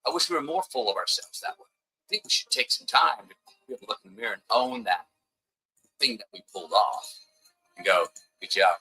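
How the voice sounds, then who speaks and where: A man's voice: lowish voice, lively intonation, a little fast, long pauses, pushed and bright, soft background music, low-quality recording. A man giving an emphatic, preachy motivational talk at a table, now and then acting out the voices of the people he quotes. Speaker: motivational speaker. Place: at a table with a camera crew.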